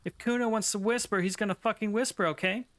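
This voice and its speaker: A man's voice: high voice, fairly even intonation, fast talker, a bit bright, voice pushed up. A man voicing a foul-mouthed, cocky young boy who swaggers and talks about himself in the third person. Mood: tense whispering.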